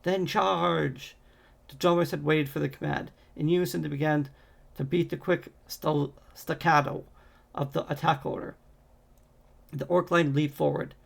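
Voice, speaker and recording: A man reading a fantasy novel aloud in a steady way, with occasional slips and restarts. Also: a little high, normal speed, gravelly. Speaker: audiobook reader.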